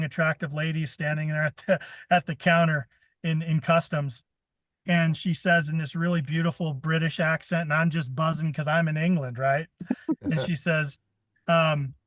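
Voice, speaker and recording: Animated American man telling stories. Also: on the high side, no room sound, studio quality. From United States. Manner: animated storyteller, laughing often. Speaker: host. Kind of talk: casual livestream chat.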